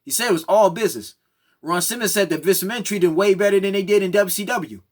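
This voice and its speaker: Brief: man, high-pitched, fired-up monologue, keeps asking "right?". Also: fast talker. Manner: heated, repeats "right?" and "come on now, man". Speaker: commentary vlogger. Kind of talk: opinionated monologue.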